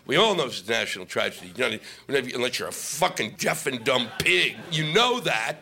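A man's voice: medium pitch, sing-song, moderate pace, gravelly, few pauses, bright, forceful tone. A male stand-up comic doing a profane, ranting set on stage into a microphone. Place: comedy stage with audience laughing.

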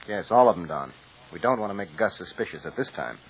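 An actor playing a sharp male lawyer who asks quick, probing questions in a 1950s radio drama. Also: low voice, lively intonation, a little hiss or hum. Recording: dull lo-fi old radio recording.

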